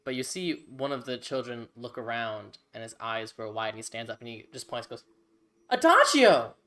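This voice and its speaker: A man's voice: mid-range voice, little pitch movement, fairly quick, a bit bright. A man narrating a tabletop game as game master, casual and rambling.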